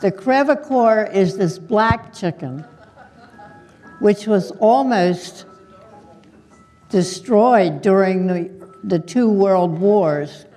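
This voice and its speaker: A woman puppeteer talks her audience through a live puppet show in a chatty, explaining way. Her pace is unhurried. The sound is caught in a reverberant hall with faint music behind. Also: medium pitch, animated, mellow.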